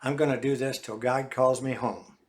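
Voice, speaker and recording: Older man, folksy memoir reading, middle-pitched voice, animated storytelling. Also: normal speed. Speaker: author. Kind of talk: reading his memoir aloud.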